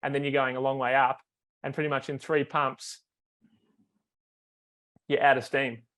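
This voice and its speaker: A man's voice: medium pitch, level tone, normal speed, fairly bright tone. A man, a foiling coach, explains technique on a video call, step by step, with many fillers and restarts.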